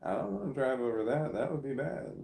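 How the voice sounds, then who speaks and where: His medium-pitched voice is expressive, brisk, creaky, and mellow as this Midwestern American man wanders through a self-deprecating vlog that keeps losing its way. It's recorded in an echoey room on a nearby phone or camera.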